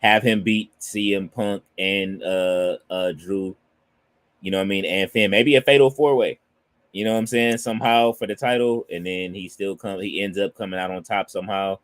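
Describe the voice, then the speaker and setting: Low-voiced laid-back man, full of fillers. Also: fairly even intonation, normal speed, dry recording. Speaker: podcast co-host. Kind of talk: casual wrestling chat.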